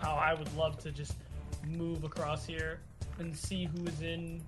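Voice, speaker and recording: A man playing a tabletop game, quiet and a little hesitant. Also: on the high side, completely flat delivery, measured pace, music in the background. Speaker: player. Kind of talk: casual tabletop game play.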